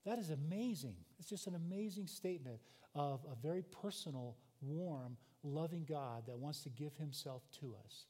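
Warm-voiced man preaching in reverberant hall. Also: fairly high pitch, normal speed. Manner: emphatic teaching with rhetorical questions. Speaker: pastor. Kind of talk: sermon. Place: church sanctuary.

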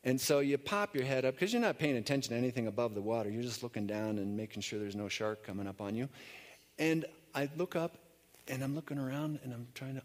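A man preaching a conversational sermon, telling stories in a relaxed way with fillers and restarts. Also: medium pitch, normal speed. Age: adult. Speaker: pastor.

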